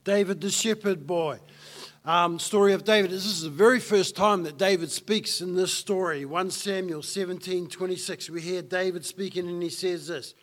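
A man's voice: high-pitched, moderate pace, a bit bright. A man preaching a sermon as pastor, emphatic and fond of repeating key lines for effect.

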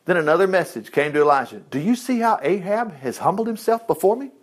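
A middle-aged man preaching a sermon, retelling scripture with lively asides and exclamations. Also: fast, few pauses. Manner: animated, swings pitch widely, asides and exclamations.

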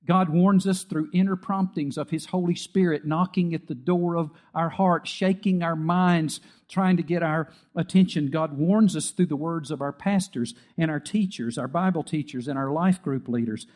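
Man, middle-aged, pastor, sermon, storytelling, emphatic, fairly high voice. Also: moderate pace, few pauses, a little mellow. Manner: storytelling with acted quotes, emphatic rising peaks.

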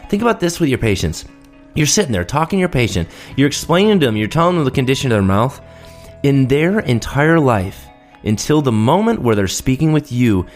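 A man in his thirties hosting a solo podcast, telling stories with lively enthusiasm and acting out quoted voices. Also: medium pitch. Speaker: podcast host, dentist. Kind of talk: casual solo podcast monologue.

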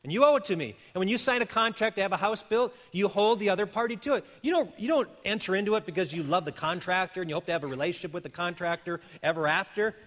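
Man, 50s, pastor, sermon, high-pitched voice, earnest and conversational, long hall reverb. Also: quick pace, few pauses, a bit bright. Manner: earnest, conversational preaching with repeated restarts.

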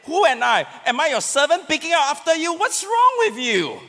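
Man putting on a berating husband, sneering indignant questions, high bright voice, hall echo. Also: big pitch swings, fairly quick, exaggerated voice. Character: irritated husband berating his spouse. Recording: echoey church hall.

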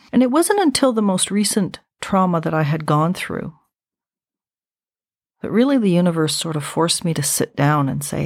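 A woman in her fifties speaks slowly and deliberately, her lower voice carrying a gravelly, husky edge. She hosts a podcast and shares a personal story reflectively and intimately. She sits close to the mic in a dry, quiet room. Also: no echo. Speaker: podcast host.

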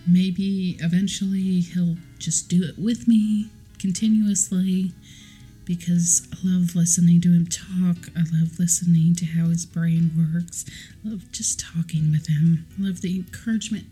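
A woman's voice: on the low side, steady tone, measured pace, mellow, husky, soft background music. A woman hosting her own podcast, talking casually in a rambling, affectionate way and correcting herself mid-sentence. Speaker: podcast host. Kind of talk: casual solo podcast chat.

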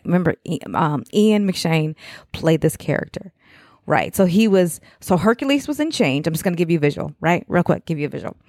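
A woman's voice: sits low, darkish tone, dry recording, clean studio sound. A middle-aged woman, a mother, giving a casual motivational talk to other mothers, rambling and conversational and often checking in with the listener.

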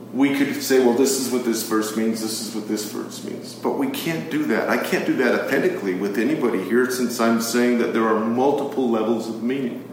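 A man's voice: medium pitch, a little hiss or hum. A man teaching a Bible study to a live group, reading scripture aloud and posing rhetorical questions, with frequent fillers. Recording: very echoey room, far from the mic.

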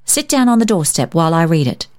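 A woman's voice: low-pitched, very animated, fast, a little mellow, dry recording, clean studio sound. A woman voicing a stern, puzzled middle-aged aunt who questions a child sharply.

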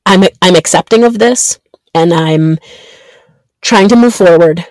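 A woman in her thirties hosting her own podcast, talking earnestly and haltingly with many ums and restarts. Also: on the low side, darkish tone, no room sound. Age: 30s. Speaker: podcast host. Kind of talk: reflective solo podcast monologue.

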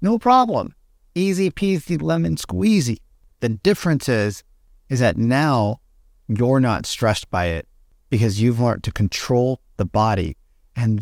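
A man's voice: mid-range voice, darkish tone, no room sound. Male podcast guest, motivational coaching talk, mid-range voice, dry close sound. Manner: coaching, repetitive, addresses listeners as "you guys".

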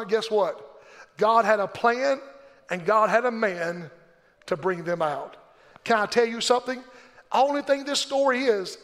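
A man's voice: very high voice, a bit bright, long reverb tail. A middle-aged man preaching a sermon in a church, impassioned and rhythmic, calling the congregation to respond.

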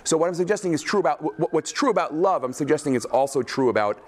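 Lively male lecturer, slightly high voice, questioning class style. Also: fast. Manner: animated, questioning, frequent "right?". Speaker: teacher.

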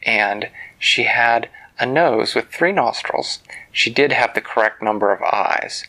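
Gravelly man telling a bedtime story. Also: mid-range voice, pushed and bright. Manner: slow, musing, often drops to a whisper.

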